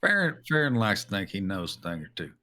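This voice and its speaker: A man at a tabletop game talks quickly in a bright, forceful voice. He is brash and swears freely. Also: fairly low pitch, big pitch swings. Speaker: player. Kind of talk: tabletop role-play, casual.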